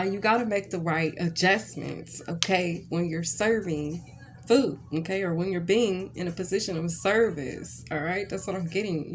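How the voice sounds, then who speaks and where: A woman's voice: mid-range voice, slight background noise. Chatty woman tarot reader. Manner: chatty, ranting, checks in with "okay?" constantly. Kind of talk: casual storytelling tarot reading.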